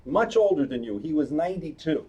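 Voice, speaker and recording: The cantor, a man in his eighties, talks briskly in an expressive voice that runs on the high side with a dark tone. His sermon is a lighthearted, chatty story for the synagogue congregation, with questions for the children as he goes. The live-stream sound is distant, with faint noise behind it.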